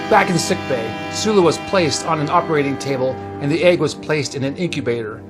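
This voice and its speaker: A man reading a science-fiction story aloud as narrator, in plain, even storytelling. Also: on the high side, fairly quick, hardly any pauses, over music.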